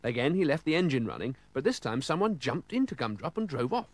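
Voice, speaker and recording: A man reading a children's storybook aloud with lively, expressive storytelling. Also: mid-range voice, quick pace, dry recording.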